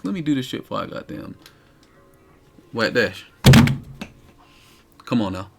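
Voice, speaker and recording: A man's voice: medium pitch, measured pace, creaky, soft background music. A man streaming live, ranting in exasperated detail about a fighting game character. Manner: animated, incredulous, cursing.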